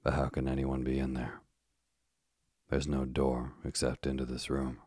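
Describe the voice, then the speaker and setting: A man reading the lines of a fussy, precise older detective in an audiobook, speaking briskly in short, clipped phrases. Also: a bass voice, monotone, a little mellow, slightly rough, dry recording, clean studio sound. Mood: wry. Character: Hercule Poirot, fussy older Belgian detective.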